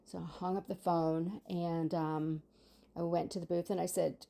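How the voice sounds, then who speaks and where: A woman's voice: lowish voice, flat delivery, a little slow, gravelly, dark tone. A woman in her sixties telling a personal story in a chatty, rambling way with many fillers. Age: 60s. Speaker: vlogger. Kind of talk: casual storytelling monologue.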